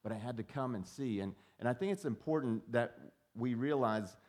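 A man's voice: medium pitch, normal speed, darkish tone. Conversational male pastor preaching. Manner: conversational, repeats words when starting a thought; acts out quoted voices. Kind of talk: sermon.

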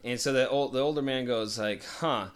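A man's voice: mid-range voice, normal speed, clean tone. A man telling a long story in casual chat, swearing a lot and acting out the voices of the people in it. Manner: profane, rambling, acts out voices.

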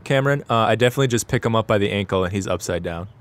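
Deadpan man at a tabletop game. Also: fairly low pitch, very fast, noisy background. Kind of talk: casual tabletop role-play chat.

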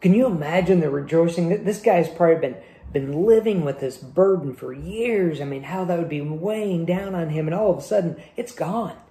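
Male pastor, conversational sermon delivery; gravelly tone, roomy church-hall sound. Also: fairly high pitch, normal speed, dark tone. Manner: conversational preaching with rhetorical questions. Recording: echoey room.

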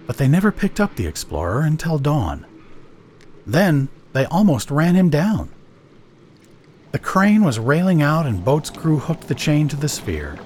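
A man narrating an audiobook story in an expressive storytelling manner. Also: fairly high pitch, unhurried, husky.

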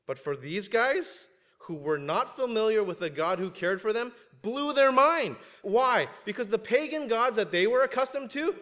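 A male pastor preaching a sermon, animated and joking at times, swinging up to loud emphasis. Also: high voice, moderate pace, few pauses. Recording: long hall reverb.

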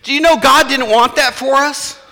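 A man's voice: very high voice, fairly even intonation, normal speed, sharp tone, in a large hall. A man, preaching a sermon in a church in a conversational way and acting out the voices of his listeners. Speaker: pastor.

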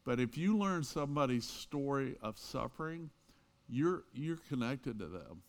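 A man's voice: medium pitch, expressive, unhurried. A man, a pastor, giving a conversational sermon in a church, telling stories with frequent fillers and asides.

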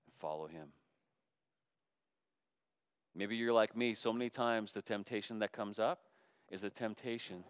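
A middle-aged man preaches a sermon in a low, smooth, resonant voice. He rises to loud, fervent calls and then drops to soft, hushed appeals. The sound is dry and close, with no room echo. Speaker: pastor.

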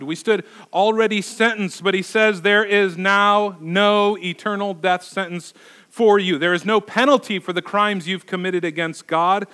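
A man's voice: high-pitched, bright, forceful tone. A middle-aged male pastor preaching a sermon, emphatic and repeating words for stress.

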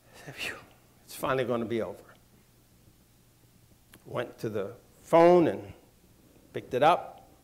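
An older man from Washington, D.C., recalling his past in a measured, reflective way. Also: medium pitch, animated, gravelly. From Washington, D.C., USA. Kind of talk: personal recollection.

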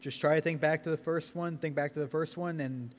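A man's voice: on the high side, fairly even intonation, brisk. A man on a podcast panel in casual chat, sharing trivia with a dry sense of humor.

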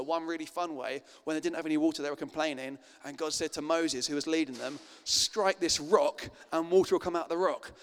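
A man's voice: fairly high pitch, smooth. A male pastor giving an informal, chatty sermon with fillers and restarts. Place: church meeting hall. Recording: long reverb in a hall.

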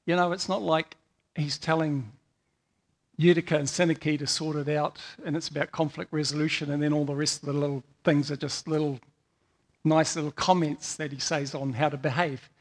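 High-voiced man preaching, rambling anecdotes. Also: level tone, normal speed. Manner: rambling, repeats words, tells anecdotes. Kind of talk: sermon.

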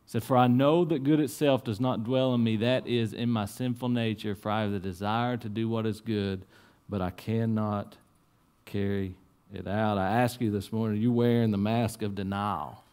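A man's voice: steady tone, normal speed, clean tone. A man preaching earnestly in church. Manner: earnest, swings from soft low asides to raised urging. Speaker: pastor. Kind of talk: sermon.

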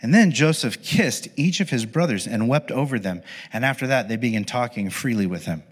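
A man preaching a conversational, animated sermon with casual asides to his listeners. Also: medium pitch, brisk, husky. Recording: long hall reverb.

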